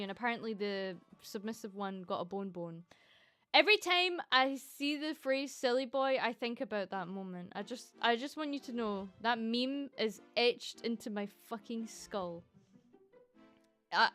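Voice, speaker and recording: A woman with a put-on Scottish accent, streaming casually while writing an ASMR script. She rambles, giggles and swears, and swings between excited bursts and soft murmured script lines. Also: a little high. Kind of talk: casual livestream chat.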